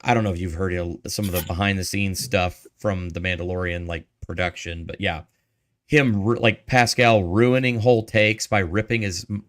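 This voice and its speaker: A man with a fairly low voice speaks as a guest on a video call. He talks casually but leans hard on his points, sounding exasperated. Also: a bit bright. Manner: emphatic, exasperated opinions. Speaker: podcast guest. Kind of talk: casual chat.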